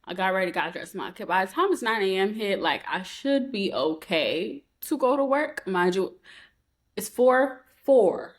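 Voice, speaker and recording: A woman co-hosting a podcast, telling a story in a heated, profane, animated way. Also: medium pitch, measured pace. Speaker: podcast co-host. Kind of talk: casual chat.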